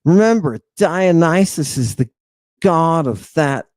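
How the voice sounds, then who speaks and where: A man giving a lecture over slides, emphatic and dramatic, constantly asking "right?" and swinging between hushed asides and loud outbursts. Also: on the high side, expressive, slow, dry recording. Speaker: lecturer on ancient Greek language and ritual.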